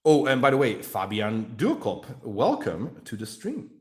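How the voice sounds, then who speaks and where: A man's voice: mid-range voice, wildly swooping pitch, unhurried. A young man chatting casually on a live stream while painting miniatures, rambling, jokey and swearing freely.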